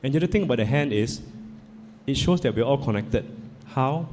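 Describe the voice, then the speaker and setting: An animated man tells stories and questions his listeners in a chatty, mid-pitched voice. The talk rings through a long-reverb hall, with a faint hiss underneath. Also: brisk. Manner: animated, conversational, asks the audience questions. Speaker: psychologist speaker. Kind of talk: storytelling talk.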